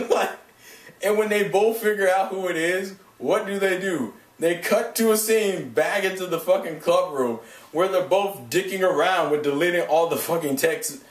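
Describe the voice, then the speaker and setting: A man giving a casual vlog review of an anime episode, rambling and swearing, often laughing at his own points. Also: a little high. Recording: echoey room, mic at a distance.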